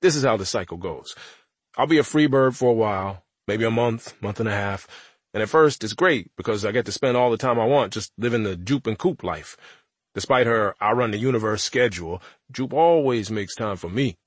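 A man's voice: lowish voice, animated, normal speed, slightly rough, dry recording. A man narrating an audiobook in the first person as a teenage boy, with a wry, conversational delivery.

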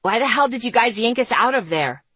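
A woman's voice: mid-range voice, lively intonation, normal speed, pushed and bright, no echo. A woman doing a snappish young man. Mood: irritated. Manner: snappish, demanding. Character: irritable young man, demanding.

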